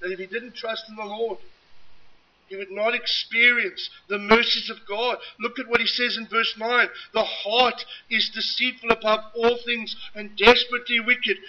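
A man preaching a sermon with impassioned, emphatic delivery and dramatic swings between loud and quiet. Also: very high voice, level tone, normal speed. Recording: dull lo-fi recording.

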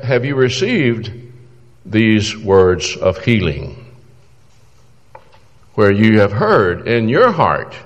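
A man's voice: mid-range voice, long reverb tail. A man preaching a sermon in an earnest, exhorting way, pleading with his listeners through questions.

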